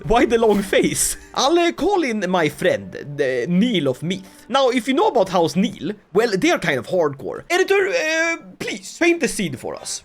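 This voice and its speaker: A game commentator giving comedic strategy game commentary, full of sarcastic asides and laughs. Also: slightly rough. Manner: lively, swinging pitch with mock-dramatic outbursts.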